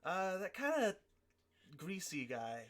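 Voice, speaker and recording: A man voicing a proud veteran fighting grandmaster, a brisk mentor who rambles with halting fillers. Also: sits high, wildly swooping pitch, a crowd in the background, pitched above the performer's own voice, exaggerated voice.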